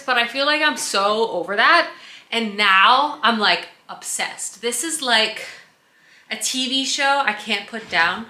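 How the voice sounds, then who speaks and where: Chatty bright-voiced woman book vlogger. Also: medium pitch, roomy sound. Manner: chatty and enthusiastic, many "like" fillers. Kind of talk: casual vlog chat. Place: home under construction, indoors.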